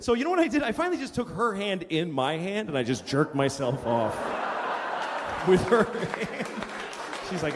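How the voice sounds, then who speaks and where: A man's voice: sits high, very animated, moderate pace. A middle-aged man doing a stand-up routine, telling a profane story in an exasperated way with sudden rants. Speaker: stand-up comedian. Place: live comedy venue with audience. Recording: live stage recording in a big hall with crowd and noise. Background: audience laughter.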